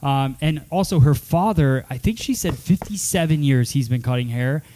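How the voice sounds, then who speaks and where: A man's voice: mid-range voice, expressive, normal speed, dark tone, slight background noise. A man hosting a casual hair-salon talk show, chatting in a rambling, upbeat way with many fillers. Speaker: podcast host. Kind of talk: casual chat.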